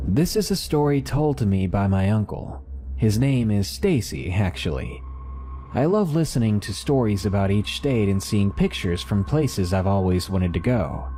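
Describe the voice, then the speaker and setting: Deep-voiced male horror story narrator. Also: sing-song, normal speed, dark tone, a little hiss or hum. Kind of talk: scripted narration of submitted horror stories.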